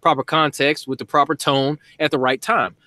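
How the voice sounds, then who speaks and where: A man hosts a relaxed online talk show, his voice a touch above the usual male range. He rambles comfortably, restarts his sentences and laughs easily as he makes his case. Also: a little high, moderate pace, no room sound. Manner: laid-back, rambling, laughs often. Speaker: host. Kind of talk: casual chat.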